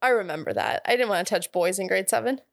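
A young woman talks through a movie's plot on a podcast, chatty and quick to laugh. Her voice sits mid-range and is recorded close on a dry mic with no room sound. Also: medium pitch, animated, vocal fry, dry recording. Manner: chatty, laughs often, recaps plot with asides. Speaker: podcast co-host. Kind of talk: casual chat recapping a film.

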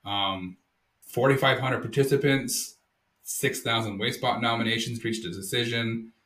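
A man co-hosting a podcast, reading out news updates in a steady, upbeat casual chat. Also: mid-range voice, measured pace, echoey room. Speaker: podcast co-host.

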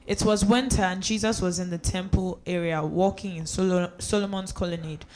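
A reader going through a Bible passage aloud at a steady pace, with a few small slips and restarts. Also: mid-range voice, normal speed, a little hiss or hum. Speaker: scripture reader. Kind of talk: reading scripture aloud.

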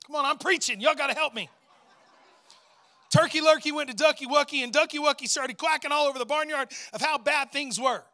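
A middle-aged male pastor preaching a lively sermon, telling a story and calling out to his congregation. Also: very high-pitched, fairly quick.

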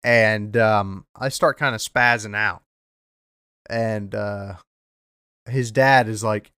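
Profane rambling young man, bright dry voice. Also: on the low side, fairly even intonation, measured pace, dry recording. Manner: profane, rambling, repeats himself, bursts into loud rants. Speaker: podcast host. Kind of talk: casual storytelling monologue.

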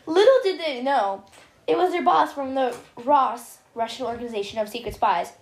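Young female reader, homemade story, halting restarts, high pitch, roomy echo. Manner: reads with halting restarts, voices characters. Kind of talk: reading a homemade story aloud.

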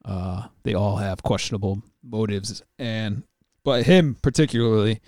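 A man's voice: lowish voice, a little slow, a little mellow, no echo, studio quality. A man chatting casually as a podcast guest, joking and rambling through his points. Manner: joking, rambling, playful asides. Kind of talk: casual chat.

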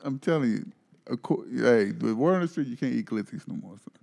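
Man, co-host; mid pitch, lively swings, playful and teasing. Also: a little fast, gravelly. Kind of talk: casual chat.

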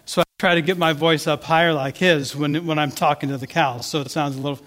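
Male pastor, conversational storyteller, fairly high voice, reverberant church hall. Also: steady tone, quick pace, fairly bright tone. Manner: storytelling, conversational with many restarts. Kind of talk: sermon.

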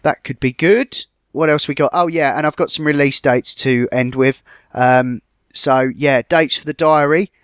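A man co-hosting a casual film podcast, relaxed and hesitant, often pausing with uh and um. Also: on the high side, smooth, no room sound, highs cut off. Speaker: podcast co-host.

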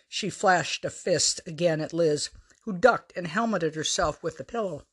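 Lady author reading her story out loud, wry with dry little asides. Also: lowish voice, moderate pace, slightly rough. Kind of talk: storytelling narration.

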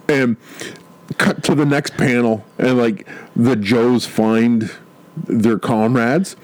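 A man's voice: mid-range voice, a little slow, a little mellow, no echo, rough recording. A man co-hosting a podcast, telling a comic book story in rambling casual chat. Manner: rambling storyteller, many restarts and quoted voices. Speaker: podcast co-host.

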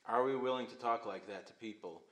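A male pastor preaching a sermon, swinging between emphatic loud phrases and hushed, quiet ones. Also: mid-range voice, fairly quick, slight background noise. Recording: echoey room.

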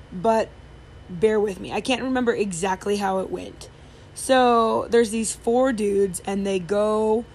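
A woman's voice: medium pitch, a little mellow. A woman telling a story in casual chat, rambling with many fillers and restarts, over faint background noise.

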